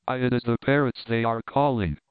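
A man's voice: mid-range voice, a little fast, clear, resonant tone, dry recording, close to an everyday voice. A man reading as a timid frightened guide. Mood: fearful. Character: fearful male native guide, timid and superstitious. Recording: dry, tinny phone-like sound.

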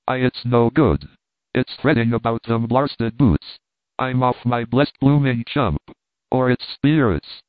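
A man's voice: mid-range voice, slow, no echo, natural voice. A man voicing a bewildered, slangy middle-aged male tramp who blusters through his fright. The sound is thin and tinny. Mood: flustered. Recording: tinny, dry phone-like sound.

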